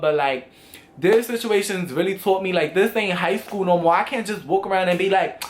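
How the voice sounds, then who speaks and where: Animated high-voiced young man. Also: moderate pace. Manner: animated, swearing, acts out quoted voices. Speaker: vlogger. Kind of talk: casual storytime vlog.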